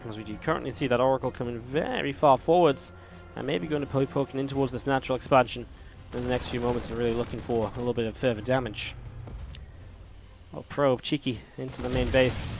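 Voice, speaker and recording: A man's voice: medium pitch, steady tone, fairly quick, gravelly, over music. Chatty male esports caster with a strained voice. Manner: chatty, rambling, talks to viewers directly. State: slightly strained voice. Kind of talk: live play-by-play game commentary.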